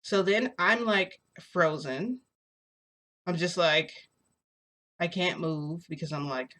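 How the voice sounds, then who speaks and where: A woman's voice: fairly low pitch, takes it slowly, pauses often, a bit bright. Rambling young woman telling a story. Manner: rambling, filler-heavy, hesitant. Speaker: vlogger. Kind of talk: casual storytelling.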